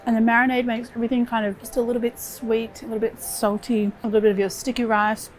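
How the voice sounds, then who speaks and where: A woman's voice: fairly high pitch, level tone, fast, music in the background. Chatty Australian woman cooking host. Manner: chatty, enthusiastic, friendly. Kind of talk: cooking demonstration.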